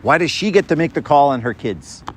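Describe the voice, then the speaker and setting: A man's voice: a little high, expressive, a little fast, slight background noise. Chatty male preacher, keeps asking "right?". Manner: acts out quoted voices in a story. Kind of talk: informal sermon.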